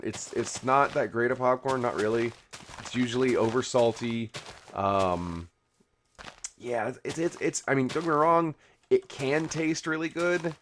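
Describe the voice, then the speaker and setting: A man's voice: medium pitch, measured pace, a bit bright, slight background noise. Rambling man chatting while building. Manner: rambling, full of "you know" and restarts. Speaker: YouTube game host. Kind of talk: casual commentary while building.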